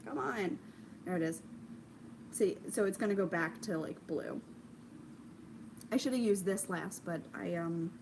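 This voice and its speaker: A young woman hosting a knitting video podcast at home, chatting casually, gushing with excitement and filling pauses with ums. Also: mid-range voice, background noise. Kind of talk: casual chat. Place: home craft corner, indoors.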